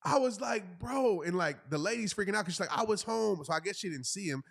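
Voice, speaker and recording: A man in his thirties with a drawl spins a casual, funny story. His voice sits a little higher than most men's, and he throws himself into acting out everyone's lines. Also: fairly quick, creaky. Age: 30s. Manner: animated, acts out voices of people in the story. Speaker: motivational speaker telling a story.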